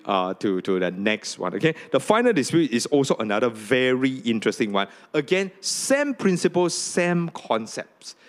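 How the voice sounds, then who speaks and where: A man preaching a sermon to a congregation, often asking "okay?" and "right?", and rising high when he reads scripture aloud. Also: a bit bright. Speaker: pastor.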